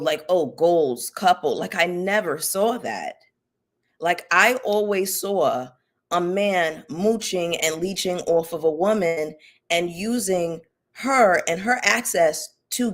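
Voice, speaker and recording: Sassy woman live-streaming gossip commentary. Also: fairly low pitch. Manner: sassy, animated, greets viewers by name. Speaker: YouTube commentary host.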